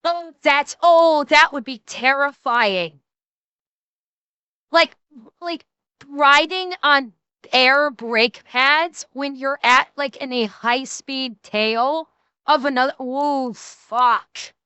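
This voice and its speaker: A woman with a high, bright voice who talks slowly and bluntly, swearing casually. She hosts a relaxed stream conversation, and her voice sounds dry and close to the mic. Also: no room sound. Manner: blunt, swears freely, quick reactions. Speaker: streamer host. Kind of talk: casual chat.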